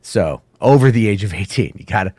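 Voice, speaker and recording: A man co-hosting a casual movie talk show over a call, crude and joking while sick and hoarse. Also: fairly low pitch, lively intonation, a little fast, a little mellow, dry recording, studio quality. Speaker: co-host. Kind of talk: casual banter.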